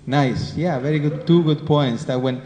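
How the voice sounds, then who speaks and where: In an echoey hall with faint noise, a scripture class teacher with a Spanish accent gives a devotional lecture to listeners in the classroom. He's conversational and keeps asking them questions. His voice is on the high side and dark in tone, at a moderate pace.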